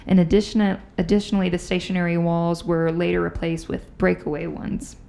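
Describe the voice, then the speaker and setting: Chatty woman with a gravelly voice. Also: lowish voice, a little fast. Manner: chatty, animated storyteller. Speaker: podcast host. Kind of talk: casual chat, storytelling.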